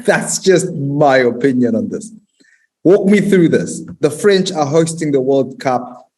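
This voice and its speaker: A man's voice: medium pitch, animated, measured pace, warm tone, low-quality recording. A man in his forties with a South African accent, co-hosting a casual chat and making bold statements. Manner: bold and provocative in opinions. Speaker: co-host.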